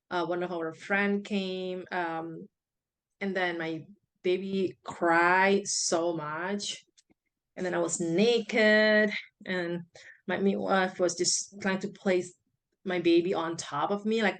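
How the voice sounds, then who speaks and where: A woman, recounting her own story as a guest in a casual, rambling way with many fillers and restarts. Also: lowish voice. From Indonesia.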